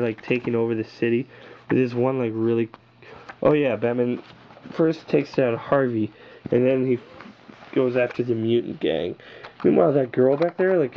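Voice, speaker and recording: A man talks through his favorite comic books in a rambling, excited way, often stopping to add filler words. His voice sits at a middle pitch. It was recorded on a camera's built-in mic, so the sound is dull and lo-fi with a faint hiss. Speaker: comic book reviewer. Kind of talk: casual rambling review.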